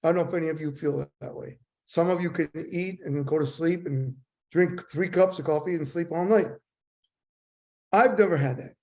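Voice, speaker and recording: Animated older man telling stories. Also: a little high, moderate pace. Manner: animated, acts out dialogue. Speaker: guest. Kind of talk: storytelling interview.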